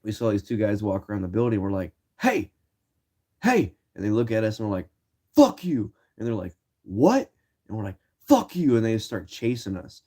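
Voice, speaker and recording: A young man from Ohio, a streamer telling loose, profane stories to his viewers in casual chat and acting out shouted lines. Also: on the low side, fairly even intonation, rapid-fire, few pauses. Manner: loose, swearing, acts out quoted shouts. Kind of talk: casual storytelling.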